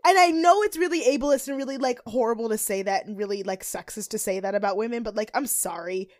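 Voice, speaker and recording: A young woman co-hosting a casual recap podcast, animated and ranting, often acting out quotes. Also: a little high, quick pace, no room sound, clean studio sound. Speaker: podcast co-host.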